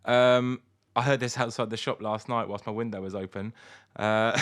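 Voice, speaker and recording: Giggly podcast co-host. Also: male voice, medium pitch, fairly even intonation, moderate pace. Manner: giggly, playful, acts out quotes. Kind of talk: casual chat.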